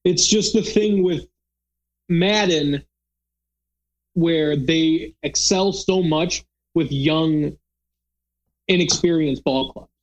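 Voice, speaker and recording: A man's voice: on the high side, slow pace, long pauses, rough recording. A man hosting a casual podcast, chatting loosely with lots of fillers and restarts. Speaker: podcast host. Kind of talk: casual chat.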